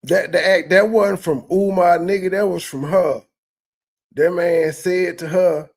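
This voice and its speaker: A man talks over a clip in a loose, profane commentary style. He mocks and rants at what he hears, and his voice sits a little high for a man. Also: measured pace, gravelly. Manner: profane, mocking, animated rants. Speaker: commentary host. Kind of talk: reaction commentary.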